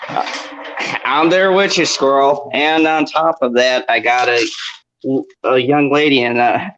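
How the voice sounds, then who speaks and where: A man's voice: medium pitch, slow pace, a bit bright, lo-fi sound, a little hiss or hum. A middle-aged man hosting a live stream chat, easygoing and jokey. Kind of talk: casual chat.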